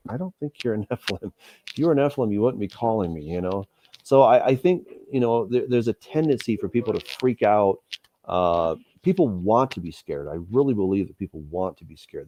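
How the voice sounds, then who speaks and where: Low, mellow male interview host. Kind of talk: live interview and Q&A.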